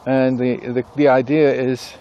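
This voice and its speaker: A man who writes books and teaches a class, talking casually and thinking aloud with pauses and self-corrections. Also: mid-range voice, flat delivery, warm tone, highs cut off. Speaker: author and instructor. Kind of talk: casual rambling monologue.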